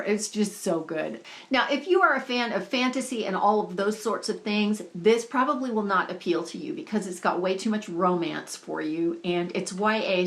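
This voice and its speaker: A woman's voice: medium pitch, fairly bright tone. A woman book vlogger talking in a chatty, enthusiastic, gushing way about what she is reading. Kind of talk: casual book-review vlog.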